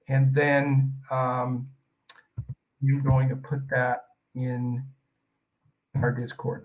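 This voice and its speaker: A man's voice: on the high side, gravelly, fairly bright tone, recorded from a distance, poor audio. A man hosting a live stream, talking in a rambling, chatty way with many fillers. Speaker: host.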